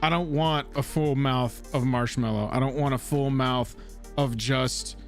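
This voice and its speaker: A man co-hosting a live stream, chatting casually, excitable and slangy with casual swearing. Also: medium pitch, measured pace, faint music behind. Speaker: co-host of a card game live stream.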